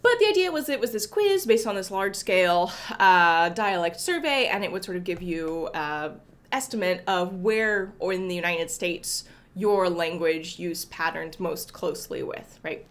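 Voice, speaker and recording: Lively chatty woman streaming from home. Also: fairly low pitch, moderate pace. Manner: chatty, greets viewers by name, self-correcting. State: sniffly from allergies. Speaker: livestream host coding. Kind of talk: casual livestream chat. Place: apartment home.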